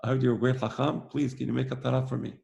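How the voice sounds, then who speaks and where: A man's voice: mid-range voice, little pitch movement, rapid-fire, gravelly, a little mellow. A man doing a stubborn pleading visitor. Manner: pleading, insistent.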